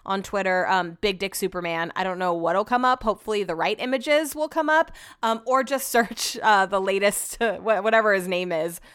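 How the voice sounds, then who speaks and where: A woman's voice: medium pitch, moderate pace, hardly any pauses, fairly bright tone, clear, resonant tone, dry recording, clean studio sound. A young adult woman hosting a podcast at home, rambling in casual solo chat and swearing freely. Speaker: podcast host.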